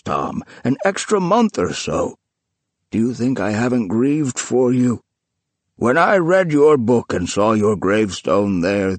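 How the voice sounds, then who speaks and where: A man's voice: medium pitch, no echo, pitched above the performer's own voice. A man voicing an earnest elderly man who coaxes and pleads. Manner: urgent, coaxing, pleading.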